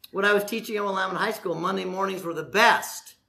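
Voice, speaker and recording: A man preaching a lively, joking sermon, acting out short quotes as he goes. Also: sits high, fast, vocal fry, roomy sound. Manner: animated, jokey preaching with acted-out voices. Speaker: pastor.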